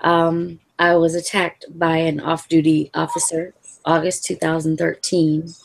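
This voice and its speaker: A woman telling her own story to an interviewer in a calm, measured way, with soft laughs now and then. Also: deep voice, vocal fry. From Louisville area, Kentucky. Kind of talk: personal account in an interview.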